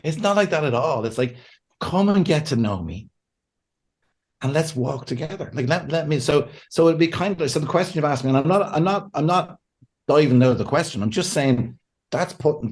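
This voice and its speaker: A man, a pastor and counselor, talking as a podcast guest in a lively way, often laughing and acting out what people say. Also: on the high side, moderate pace. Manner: animated, laughs often, acts out quotes. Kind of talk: conversational podcast interview.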